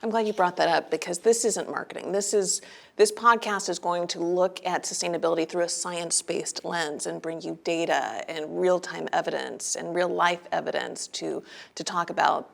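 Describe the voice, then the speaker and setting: A woman's voice: fairly low pitch, steady tone, moderate pace, gravelly. A woman hosting a podcast, giving brief reflective responses to her guest. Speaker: podcast host. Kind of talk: podcast interview.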